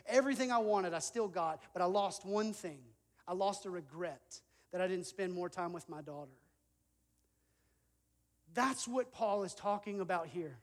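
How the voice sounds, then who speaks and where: A man in his thirties preaching a sermon, earnest and conversational, telling a personal story with self-deprecating asides. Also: high-pitched. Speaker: pastor. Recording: long reverb of a large hall.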